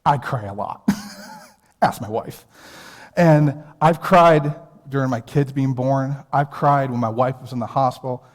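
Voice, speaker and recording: American pastor in a reverberant church. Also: male voice, medium pitch, a little slow. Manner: personal storytelling, earnest and conversational. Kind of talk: sermon. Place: church sanctuary. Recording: long hall reverb.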